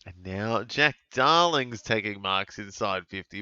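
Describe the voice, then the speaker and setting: A man's voice: fairly low pitch, lively intonation, a little slow, bright, forceful tone, clean tone, no room sound. A man hosting a live fantasy sports watch-along, chatting and exclaiming as plays happen. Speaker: host. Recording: dull lo-fi dry mic sound.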